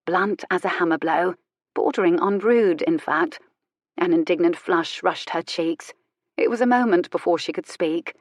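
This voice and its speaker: A woman narrating a historical romance audiobook in a measured, expressive way. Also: lowish voice, dry recording, studio quality. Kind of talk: scripted narration.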